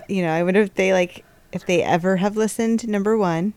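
A woman's voice: mid-range voice, quick pace, a little mellow, no room sound. Chatty, rambling woman guest, dry close recording. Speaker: podcast guest. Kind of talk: casual chat.

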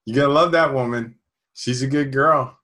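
Podcast host guy, encouraging, sums stuff up, mid-pitch voice. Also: normal speed, sharp tone. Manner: encouraging, sums up guest's points. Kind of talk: interview conversation.

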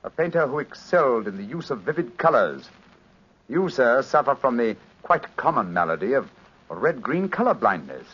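Sherlock Holmes, husky and lively. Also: male voice, medium pitch. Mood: cool. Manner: precise, measured explaining. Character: calm brilliant male detective, coolly triumphant. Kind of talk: 1940s radio acting. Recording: muffled 1940s radio recording.

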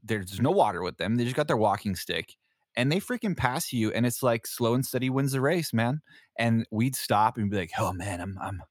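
A man's voice: medium pitch, lively intonation, normal speed, no echo, studio quality. A man, a Navy veteran hosting a podcast, telling a story casually with lots of fillers, swearing and laughter. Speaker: podcast host.

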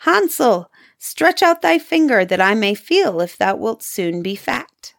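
A woman voicing a cruel, sly old witch in a fairy-tale reading, switching between sweet luring and shrill, mocking commands. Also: very animated, unhurried, creaky, fairly bright tone, heavily acted. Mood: shrill calling.

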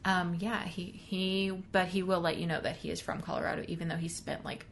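A young woman chatting on her podcast, her voice sitting a little low for a woman. She talks excitedly, laughs often and swears casually. A faint low rumble runs under the recording. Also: brisk, creaky. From Texas. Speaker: podcast co-host. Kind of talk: casual chat.

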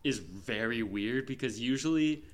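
A man's voice: mid-range voice, lively intonation, a little slow. A man co-hosting a film podcast, chatting casually and rambling with lots of fillers. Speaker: podcast co-host, film reviewer. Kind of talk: casual chat.

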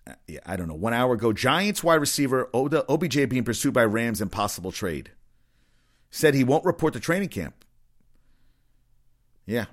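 A man's voice: medium pitch, very animated, moderate pace, pauses often. A man hosting a casual sports talk show, ranting bluntly and sarcastically with plenty of profanity.

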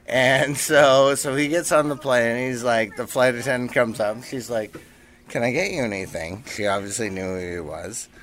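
A man's voice: medium pitch, normal speed, a bit bright, a little hiss or hum. A man casually telling a story as a guest on a talk show, laughing now and then. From Canada. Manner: laid-back anecdote teller, laughs while talking.

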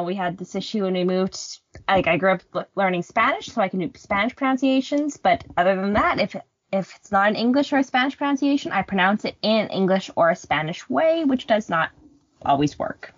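A woman's voice: mid-range voice, fairly quick, no room sound. A young woman hosts a casual podcast, reading folklore notes and breaking off for sarcastic jokes. Her voice swoops about with a faint huskiness. The recording is dry and a little dull. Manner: animated, joking, sarcastic asides. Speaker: podcast co-host.

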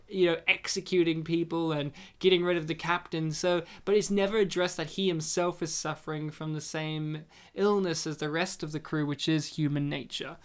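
Male podcast co-host; casual film commentary, opinionated, foul-mouthed. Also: high voice. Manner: blunt, opinionated, swears freely.

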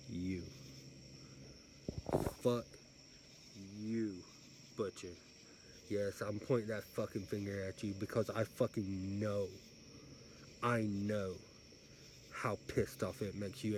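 Profane, slow-talking wrestling heel promo man. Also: on the low side, background noise. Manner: aggressive, profane, threatening. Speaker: amateur wrestling promo performer. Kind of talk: wrestling trash-talk promo.

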